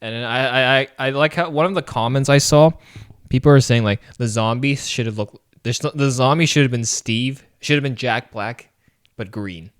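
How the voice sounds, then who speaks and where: Man, podcast co-host, casual movie chat, smooth clear voice, animated. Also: medium pitch, normal speed. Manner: animated, laughs often, acts out quotes.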